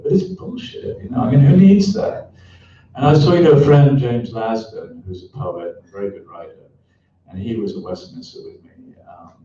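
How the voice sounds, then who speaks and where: A middle-aged man gives a frank, reflective interview at a book event. His voice is deep and mellow, and he often pauses and restarts his thoughts. The recording is distant and dull, with heavy echo from the hall. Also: a little hiss or hum. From England. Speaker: author and columnist. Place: event hall before an audience.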